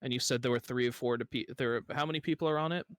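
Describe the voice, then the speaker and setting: A man's voice: mid-range voice, fairly even intonation, quick pace, smooth, no echo. Joking male player, dry sound. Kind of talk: tabletop game play.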